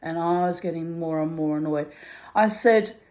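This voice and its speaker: A middle-aged woman telling a personal anecdote in an animated way, acting out the dialogue. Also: sits low, normal speed. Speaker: storyteller.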